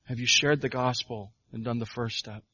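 Pastor guy preaching, lots of questions, gets loud and emphatic, kinda muffled lo-fi sound. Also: medium pitch, steady tone, moderate pace, breathy edge, dry recording. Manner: preaching with many rhetorical questions, swelling to emphatic proclamation. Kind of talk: sermon.

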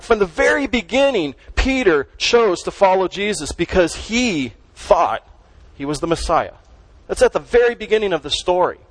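Conversational preacher with a high voice. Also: male voice, no echo, poor audio. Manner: conversational, emphatic preaching with rhetorical questions. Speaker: pastor. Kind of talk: sermon.

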